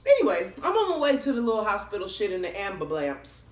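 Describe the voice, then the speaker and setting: Animated woman telling a wild story. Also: mid-range voice, fast talker. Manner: animated, expressive, swears freely. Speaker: vlogger. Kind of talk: casual storytelling. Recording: roomy echoey room.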